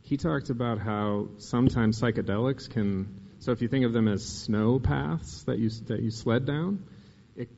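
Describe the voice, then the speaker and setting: A man hosting a casual interview, thoughtful and searching, often pausing with fillers. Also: mid-range voice, creaky, dark tone. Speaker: podcast host. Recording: dull sound with long reverb.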